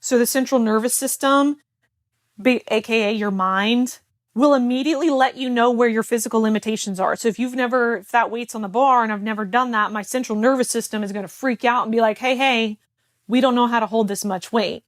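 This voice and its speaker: A woman's voice: fairly high pitch, fairly quick, no room sound, studio quality. A woman health coach in a casual talk, telling a personal story in a chatty way, full of fillers and quoted back-and-forth.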